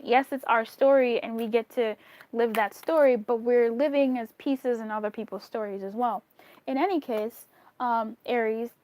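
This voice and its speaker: Woman, tarot reader, casual and chatty, swears, giggles, slightly high voice, dry close sound. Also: dry recording. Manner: candid and chatty, swears freely, giggles between thoughts. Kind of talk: casual tarot reading to camera.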